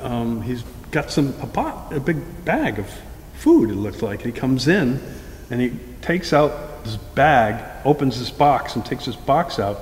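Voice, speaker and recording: A man's voice: mid-range voice, slight background noise. A man recalling an old friend in an amused, anecdotal storytelling manner. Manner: amused, laughs while telling. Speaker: interviewee sharing memories. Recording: echoey hall with long reverb.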